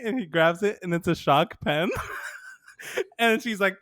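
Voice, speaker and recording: Telling lively stories on the podcast he co-hosts, this man laughs often and acts out quotes in casual conversation. His voice sits high at a normal speed, captured in clean studio sound without echo.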